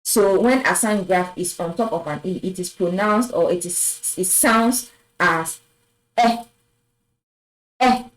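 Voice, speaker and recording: A woman teaching French pronunciation, patiently repeating each word and affirming with a soft "yes". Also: on the low side, measured pace, poor audio. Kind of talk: slow explanatory lesson.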